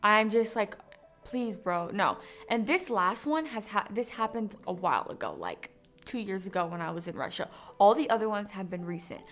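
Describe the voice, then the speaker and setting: A woman telling a casual story-time vlog, speaking in an animated, candid way. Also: mid-range voice, brisk, faint music behind. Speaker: vlogger.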